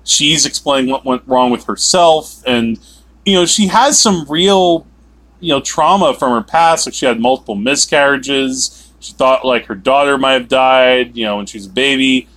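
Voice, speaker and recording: A man co-hosting a movie review podcast, talking in a rambling, animated way with sudden emphatic outbursts. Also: medium pitch, normal speed. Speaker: podcast co-host. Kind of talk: casual movie review chat.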